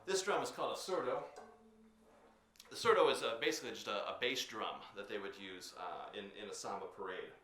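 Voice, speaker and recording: A man teaching percussion technique, explaining patiently with frequent filler pauses while demonstrating drums. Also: fairly low pitch, lively intonation, sharp tone. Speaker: percussion instructor. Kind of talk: instructional demonstration. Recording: echoey room with drum sounds.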